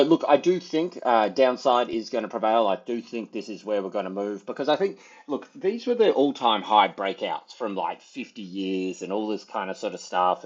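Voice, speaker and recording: Man, low husky voice, casual trading commentary, rambling with fillers, dull lo-fi recording. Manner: rambling, full of fillers and hedges. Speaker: trader giving market commentary. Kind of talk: casual market analysis over charts.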